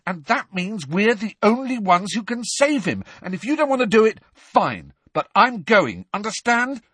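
Brief: man voicing an angry, forceful teenage boy, high and lively, husky edge. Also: brisk, no room sound, exaggerated voice. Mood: furious. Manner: shouting, forceful.

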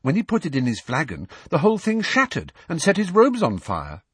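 A man's voice: on the high side, huge pitch swings, brisk, slightly rough, dry recording, pitched above the performer's own voice, heavily acted. A man voicing a clever, bossy teenage girl in a raised, lighter voice. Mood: earnest.

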